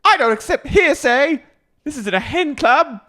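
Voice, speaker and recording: A man doing a comedic impression of a haughty, prim woman with a posh British accent, in a high, clipped voice. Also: animated, unhurried, bright, forceful tone, full character voice.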